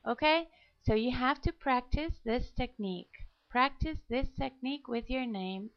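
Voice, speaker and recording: A woman's voice: high voice, a little slow. A woman with a Spanish accent, from Spain, teaching an English lesson, patiently repeating words and spelling them out letter by letter. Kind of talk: slow classroom explanation. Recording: dull lo-fi recording.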